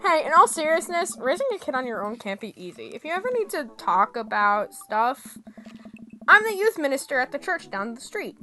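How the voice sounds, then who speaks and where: A woman voicing a friendly, clean-cut male neighbor who is a youth minister in a dating game, with a smooth, cheery, neighborly manner. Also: sits high, sing-song, moderate pace, pushed and bright, a little hiss or hum, heavily acted. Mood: earnest.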